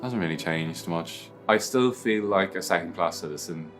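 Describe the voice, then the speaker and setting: A very deep-voiced Irish man speaks earnestly and with emphasis. He gives his own view in an interview, with faint music underneath. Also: moderate pace, fairly bright tone. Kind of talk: personal testimony.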